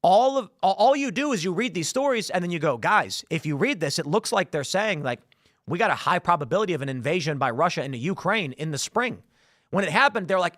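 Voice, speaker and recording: Animated sarcastic male political commentator. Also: high voice, fairly quick, no echo, studio quality. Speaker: show host.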